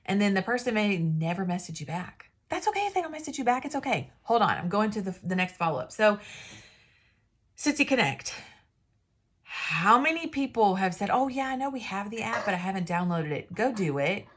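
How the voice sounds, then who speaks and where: A woman's voice: medium pitch, big pitch swings, a little fast, a bit bright, husky. A woman giving casual, rambling sales advice, often losing her train of thought. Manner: rambling, chatty, self-interrupting. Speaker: independent sales consultant. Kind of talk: casual talking-to-camera advice.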